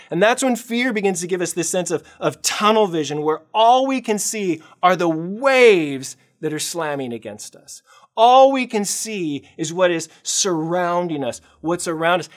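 A man preaching a sermon as pastor, telling the story with animated swings in loudness and acted-out voices. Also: sits high, normal speed. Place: church.

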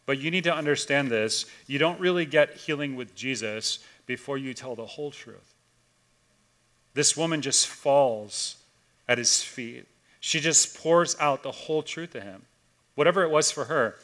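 A man, a pastor, preaching a conversational sermon and telling a story casually, swinging between loud and hushed. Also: medium pitch, moderate pace.

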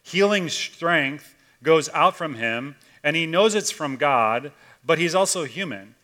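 Bright-voiced man preaching casually. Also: fairly high pitch, animated, slow. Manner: casual storytelling, swings between loud and hushed. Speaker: pastor. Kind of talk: conversational sermon.

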